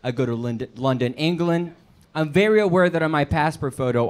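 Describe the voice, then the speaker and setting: A young Colombian man performing a stand-up comedy set on a club stage, jumping into quick put-on voices. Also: fairly high pitch, lively intonation, slight background noise. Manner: quick asides and put-on voices for quoted people.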